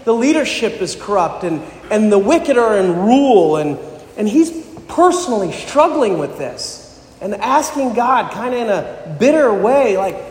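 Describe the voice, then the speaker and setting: High-voiced preacher in an echoey hall. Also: male voice, sing-song, measured pace, a little mellow, slight background noise. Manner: earnest, rises in pitch and volume for emphasis. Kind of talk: sermon.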